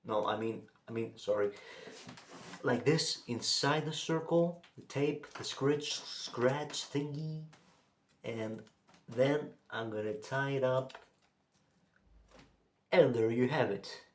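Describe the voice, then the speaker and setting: A man hosting a casual how-to demonstration, talking in a halting way and repeating himself as he shows each step. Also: medium pitch. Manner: halting, repeats himself while showing steps. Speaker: tutorial host. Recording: echoey room.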